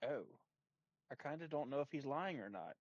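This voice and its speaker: A man's voice: medium pitch, lively intonation, normal speed, no echo, lo-fi sound. A man playing at a tabletop game, making dry, wry asides. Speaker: player. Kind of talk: casual chat at a game table.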